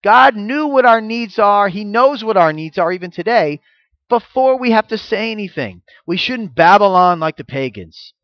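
A man's voice: high voice, lively intonation, normal speed, dry recording, muffled recording. A man preaching a sermon in a conversational, emphatic way.

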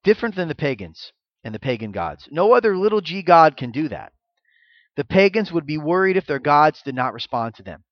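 A man's voice: on the high side, very animated, a little fast, no room sound, highs cut off. A man preaching a sermon in a conversational, emphatic way.

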